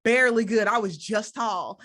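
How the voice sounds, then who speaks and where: A woman's voice: on the high side, normal speed, fairly bright tone. Candid laughing woman podcast host. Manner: laughing, candid, self-deprecating storyteller. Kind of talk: casual interview chat.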